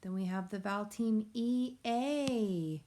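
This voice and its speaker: A woman teacher giving a recorded phonics lesson to young children, explaining slowly and patiently in a sing-song way. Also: mid-range voice, warm tone. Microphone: tablet or device mic.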